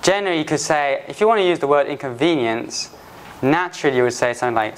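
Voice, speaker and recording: A man teaching English phrases to learners, patiently repeating examples slowly and restarting often. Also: medium pitch. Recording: faint background noise.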